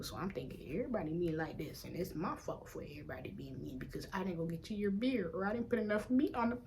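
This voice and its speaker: A young adult woman from Africa talking candidly in a casual vlog, blunt and profane, jumping from loud outbursts to low mutters. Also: fast, hardly any pauses, slight background noise. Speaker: vlogger.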